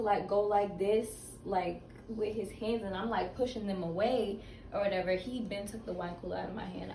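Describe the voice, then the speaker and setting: A woman's voice: medium pitch, mellow. A young woman telling a personal story to camera in casual, candid chat, full of "like" and "um". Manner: candid, loose, many fillers and "like". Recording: echoey room, faint background hiss.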